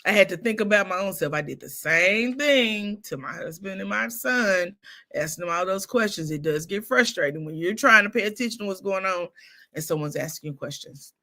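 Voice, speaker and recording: A woman hosting a casual gossip livestream, telling stories in a lively way with laughs. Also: medium pitch, moderate pace. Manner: animated storytelling with laughs. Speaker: show host.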